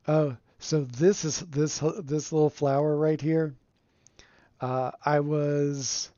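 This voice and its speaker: A slow-talking man with a mellow, slightly high voice gives relaxed, rambling commentary over his gameplay and chuckles often. The sound is dull and lo-fi, close and dry on a home streaming mic. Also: no room sound. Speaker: game streamer.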